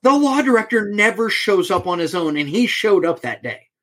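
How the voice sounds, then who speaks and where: A middle-aged man tells a story as a podcast guest, in a voice that sits a little high for a man. He acts out each side of the conversation, changing his voice for each speaker. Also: normal speed. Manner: animated storyteller, acts out quoted exchanges.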